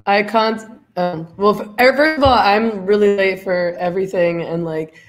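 A woman's voice: mid-range voice, moderate pace, faint music behind. A woman hosting a livestream in casual chat, congested from a cold, chatty and laughing often with many fillers. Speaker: livestream host.

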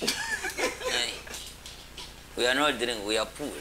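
A man's voice: medium pitch, slow pace, heavy background noise. A man, a comedian guest on a live show, bantering with sudden yelps and chants. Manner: animated, chants and yelps, mixes languages.

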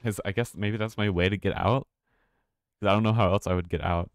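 A man's voice: lowish voice, steady tone, brisk, no room sound, studio quality. A man streaming a horror game, talking to himself with nervous laughs and swearing. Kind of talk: casual let's-play commentary.

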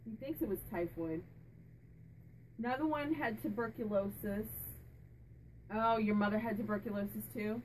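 A woman hosting her own channel, chatting casually as she asks a spirit questions out loud and repeats his answers back. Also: medium pitch, normal speed, pauses often, slight background noise, rough recording. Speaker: psychic medium and channel host.

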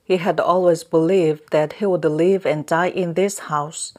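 A woman narrating an audiobook in a slow, measured reading voice. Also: low-pitched, steady tone, a little mellow. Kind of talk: scripted narration.

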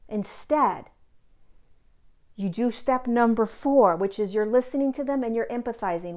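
A woman's voice: a little high, normal speed. Earnest woman teaching spiritual self-help. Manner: earnest, repetitive, gently instructive. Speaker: host of her own channel.

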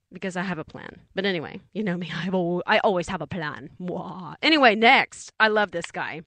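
A woman's voice: medium pitch, fairly bright tone, no echo. A woman hosting an indie radio show, chatting in a bubbly, playful way full of slang. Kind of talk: casual radio DJ chat.

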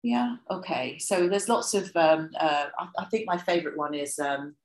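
A woman gives an academic lecture, her voice low-pitched and sitting in a roomy, echoing space. She explains patiently, with plenty of ums and small restarts. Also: animated, moderate pace. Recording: echoey lecture room.

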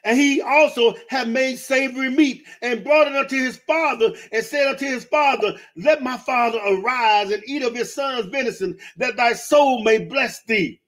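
A man's voice: extremely high pitch, normal speed, few pauses, a bit bright. A man reading scripture aloud on a radio show, reading steadily and adding brief reactions.

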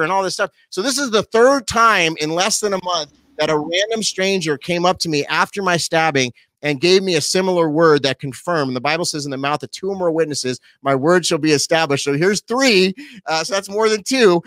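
A man in his forties, a pastor telling his personal testimony as an interview guest, animated and quick with asides. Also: high voice, dry recording. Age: 40s. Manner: animated storyteller, quick asides, laughs easily.

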